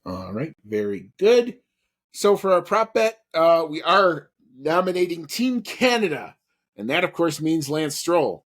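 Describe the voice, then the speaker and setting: A man's voice: fairly high pitch, big pitch swings, a little slow. A man co-hosting a podcast in casual chat, rambling with lots of fillers and restarts. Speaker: podcast co-host.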